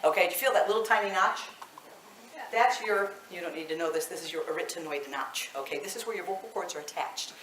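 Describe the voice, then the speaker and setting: A woman in her fifties, a voice teacher leading a live vocal workshop, chatty and animated, laughing often. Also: fairly low pitch, fast talker, slight background noise. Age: 50s. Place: indoor workshop room. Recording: echoey room, mic at a distance.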